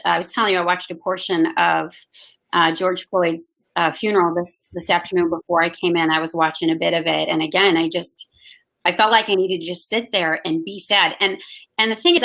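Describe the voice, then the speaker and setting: A woman's voice: on the low side, gravelly, rough recording. A woman pastor in a casual church update chat, speaking in an earnest, heartfelt way. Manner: earnest, soft-spoken and heartfelt. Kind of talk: casual conversation.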